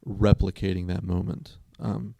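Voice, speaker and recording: A man's voice: deep voice, fairly even intonation, measured pace, vocal fry, dark tone, no echo. A man co-hosting a casual talk show who tells stories in an earnest, rambling way. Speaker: co-host. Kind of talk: casual chat.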